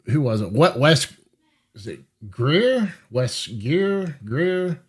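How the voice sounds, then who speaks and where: A man hosting a recovery podcast, talking haltingly on a video call and often stumbling over his words. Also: fairly high pitch, big pitch swings, slightly rough. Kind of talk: casual interview on a video call.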